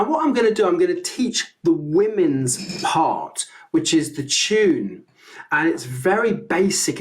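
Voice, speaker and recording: A man teaching a harmony song in a live online singing lesson, explaining it step by step in a friendly way. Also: a little high.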